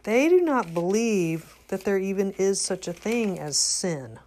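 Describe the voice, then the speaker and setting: Slow-talking older woman, earnest and halting. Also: mid-range voice, animated, warm tone. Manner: earnest, halting, with many restarts. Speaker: religious commentator. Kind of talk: unscripted religious talk.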